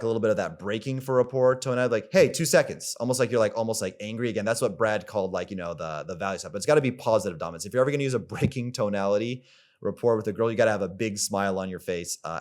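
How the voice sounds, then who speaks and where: A man giving a coaching monologue, rambling with lots of filler words, repeating himself for emphasis and swearing casually. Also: on the low side. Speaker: dating coach.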